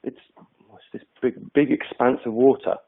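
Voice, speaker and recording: A man's voice: mid-range voice, steady tone, moderate pace, gravelly. A man voicing a well-travelled male turtle from the ocean, explaining it to a frog who doesn't understand. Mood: friendly. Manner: explaining, exasperated. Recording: tinny phone-like webinar audio.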